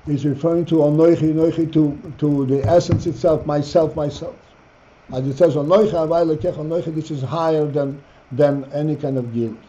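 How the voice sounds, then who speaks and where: A man teaching a Torah class as rabbi, reading phrases slowly and explaining them. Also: on the high side, fairly even intonation, dark tone. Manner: reads Hebrew phrases slowly, then explains in English. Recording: dull lo-fi class recording.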